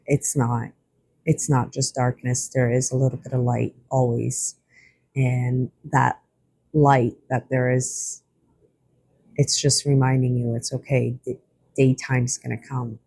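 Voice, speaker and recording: Oracle reader, reassuring and unhurried, dark husky voice, close dry sound. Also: mid-range voice, level tone, no echo. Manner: gentle, reassuring, slightly rambling. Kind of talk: spiritual oracle card reading.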